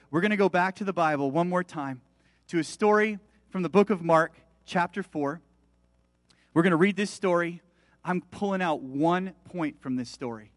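A man's voice: fairly high pitch, dry recording. A man preaching a sermon as a pastor, emphatic, rising and falling in volume as he reads and explains scripture.

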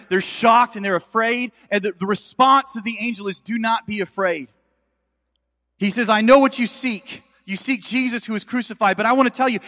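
A man's voice: high-pitched, pushed and bright, big-room sound. A man preaching a sermon as pastor, telling a story in a chatty way with asides to the congregation.

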